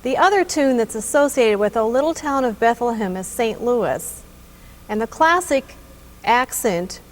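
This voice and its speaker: A woman giving scripted instructional narration about hymn playing in a measured, explanatory way. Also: on the high side, animated. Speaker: narrator and organ teacher.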